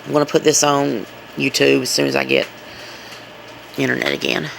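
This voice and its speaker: Gravelly woman coaxing her pets. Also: rumbling low, level tone, normal speed, a little hiss or hum, rough recording. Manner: chatty, coaxing pets in a singsong voice. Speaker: pet owner filming at home. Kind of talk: casual home video, talking to pets. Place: home, indoors.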